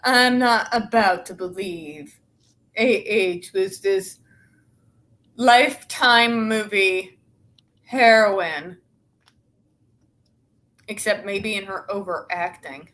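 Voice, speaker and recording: A woman's voice: mid-range voice, slow, long pauses, a bit bright. A young woman in casual, opinionated chat, blunt and sarcastic with a lot of swearing. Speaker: show co-host.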